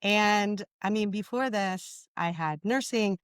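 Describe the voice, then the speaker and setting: A woman's voice: mid-range voice, takes it slowly, clean tone, no room sound. A woman speaking as an interview guest, telling her story in an earnest, emphatic way and often checking in with "right?".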